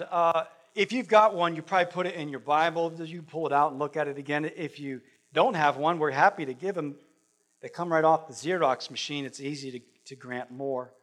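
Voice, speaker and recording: Male pastor, slightly higher voice, earnest conversational sermon delivery, slows down on key words. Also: fairly bright tone. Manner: earnest, conversational preaching with slow, drawn-out emphasis. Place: church sanctuary.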